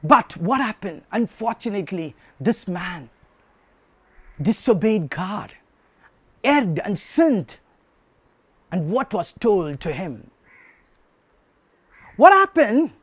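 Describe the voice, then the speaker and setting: A man delivering a sermon in a high voice that swings widely in pitch. He speaks slowly and leans on repetition and rhetorical questions. The sound is close and dry. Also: sing-song, fairly bright tone, slightly rough, no echo. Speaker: preacher.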